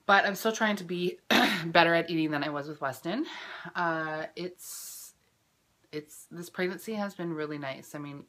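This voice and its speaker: A young woman in her twenties vlogging casually, chatty and full of fillers, emotional at times, clearing her throat from a lingering cough. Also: lowish voice, moderate pace, a bit bright. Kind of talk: casual personal vlog.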